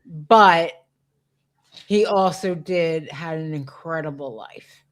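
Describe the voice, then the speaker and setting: A woman's voice: sits low, takes it slowly, low-quality recording. A woman hosting a radio conversation, speaking earnestly and often trailing off and restarting. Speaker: radio show host. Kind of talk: conversational interview talk.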